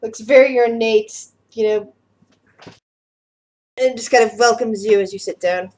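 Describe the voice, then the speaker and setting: A young woman narrating as game master for a tabletop game, pausing and repeating words as she describes scenes. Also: on the high side, darkish tone.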